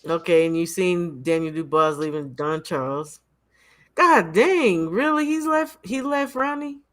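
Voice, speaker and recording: Animated man chatting on a livestream. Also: a little high, measured pace. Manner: animated, laughs often, repeats himself. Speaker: livestream host. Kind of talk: casual boxing chat.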